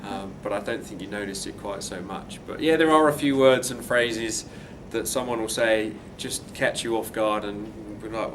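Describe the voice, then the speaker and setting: A man's voice: on the low side, normal speed, hardly any pauses, background noise. A man with an English accent picking up some Australian, answering interview questions casually with lots of ums and laughs. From England. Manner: laughing, hesitant, with many ums.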